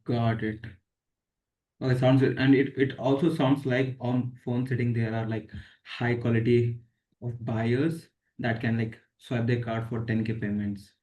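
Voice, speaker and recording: A man on a group coaching call who mostly agrees with short replies like "got it". When he talks longer, he stops and restarts his sentences. His pitch is in the middle range for a man. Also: level tone, unhurried, a little mellow, rough recording. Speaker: coaching participant.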